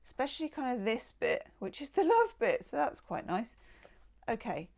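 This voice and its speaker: A woman's voice: on the high side, sing-song, moderate pace, a little mellow. A woman giving a tarot reading in a casual, enthusiastic and affectionate way, with chatty asides. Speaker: tarot reader.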